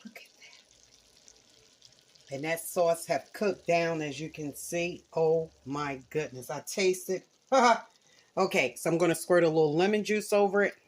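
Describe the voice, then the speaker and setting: A woman hosting a casual cooking vlog in her home kitchen, chatting to viewers as she cooks and tastes, sometimes dropping to soft murmurs over the food. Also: sits low, unhurried. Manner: chatty, talks to viewers while cooking and tasting. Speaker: home cook and channel host.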